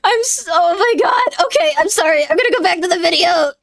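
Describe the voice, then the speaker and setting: A woman's voice: very high voice, animated, brisk. A woman streamer chatting casually, rambling and laughing through embarrassed tears. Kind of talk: casual chat.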